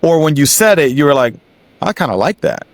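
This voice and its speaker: A man's voice: on the high side, sing-song, brisk, no room sound. A man hosting an interview who asks easygoing, encouraging questions in a casual way. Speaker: podcast host.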